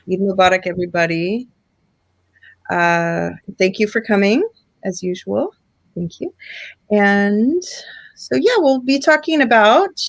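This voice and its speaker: Woman teacher on a video call, unhurried, drawn-out explanations, mid pitch. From United States. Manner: slow, deliberate explaining with drawn-out example words. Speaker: English pronunciation teacher. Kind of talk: online seminar lecture.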